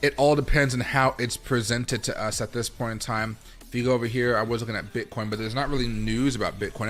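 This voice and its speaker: A man's voice: mid-range voice, a bit bright. A man hosting a casual livestream, chatting loosely, greeting viewers by name and talking to his dog between remarks. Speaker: livestream host.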